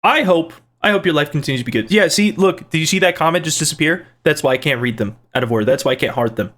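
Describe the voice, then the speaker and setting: Guy reading his viewers' comments, kinda high voice, rambly and jokey. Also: animated, fast talker, a bit bright. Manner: rambling and playful, with restarts and side jokes. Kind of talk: casual chat.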